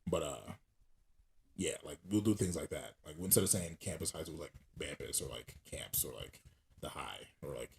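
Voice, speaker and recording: A young man with an extremely low, vocal-fry voice co-hosts a podcast at a moderate pace. In casual chat, he tells stories animatedly and laughs often.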